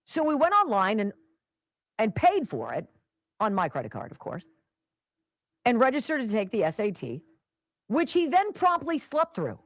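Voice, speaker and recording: Chatty woman radio host, lively voice. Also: fairly high pitch, normal speed, long pauses, no room sound, studio quality. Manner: rambling, conversational, restarts and asides. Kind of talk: talk radio monologue.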